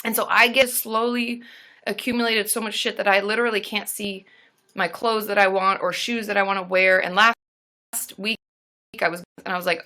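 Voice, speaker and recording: Woman therapist, livestream host, bright forceful tone, bubbly and casual, cheers viewers. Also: mid-range voice, steady tone, normal speed. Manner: bubbly, cheers viewers with squealed woo woos, swears casually.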